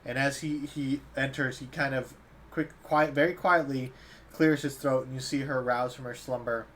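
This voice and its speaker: A man's voice: mid-range voice, steady tone, normal speed, a bit bright, a little hiss or hum. A young man running a tabletop game as dungeon master, narrating in a loose, casual way and laughing easily.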